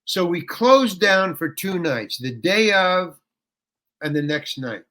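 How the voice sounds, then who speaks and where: An older man, a guest actor telling a rambling story in an interview, with restarts that break into animated ranting. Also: sits high, slow.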